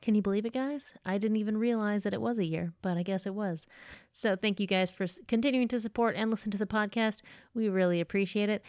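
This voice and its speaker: A woman's voice: mid-range voice, fast talker, a little mellow. A woman opening a podcast episode with friendly thanks to listeners. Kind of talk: episode intro.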